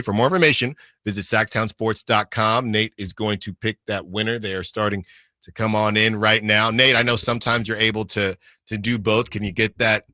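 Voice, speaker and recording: A man co-hosting a sports radio show, chatting casually and reading promos with brisk energy. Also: lowish voice, steady tone, pushed and bright, no echo.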